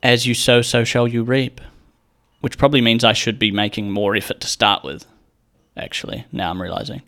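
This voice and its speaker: A man's voice: medium pitch, little pitch movement, moderate pace, fairly bright tone. A young man hosting a casual solo podcast, rambling and joking with plenty of swearing and acted-out quotes. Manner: rambling, profane, jokey, acts out quotes. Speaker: podcast host.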